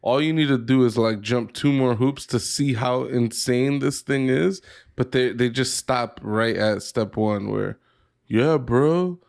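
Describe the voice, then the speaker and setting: A man's voice: mid-range voice, steady tone, measured pace, creaky. A man co-hosting a podcast in casual chat, blunt and swearing freely. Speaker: podcast co-host.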